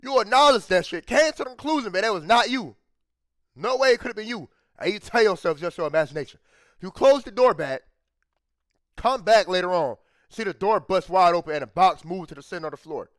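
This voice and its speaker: His casual reaction commentary is heated and full of swearing, with restarts, repeated phrases, and "bro" almost every phrase. The high, expressive, fairly bright voice runs a little fast, recorded dry with clean studio sound.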